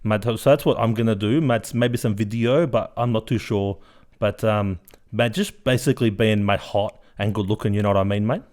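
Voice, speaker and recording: A man's voice: fairly low pitch, normal speed, a little mellow, lightly acted. A man playing a brash, boastful uncle who chases women and says "mate" in nearly every breath. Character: boastful macho middle-aged uncle, womanizer.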